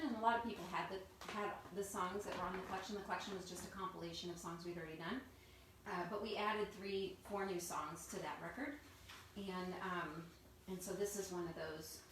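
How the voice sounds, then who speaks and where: A woman's voice: fairly low pitch, a little fast, a bit bright, a little hiss or hum. A woman singer-songwriter, from New Jersey and raised in Missouri, chatting informally and telling stories as she hosts a live stream. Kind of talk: casual live-stream chat. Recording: roomy sound, mic at a distance, music behind.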